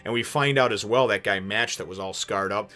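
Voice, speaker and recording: A man hosting a casual manga chapter review, rambling with many fillers and restarts and sudden animated bursts. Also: fairly low pitch, fairly quick.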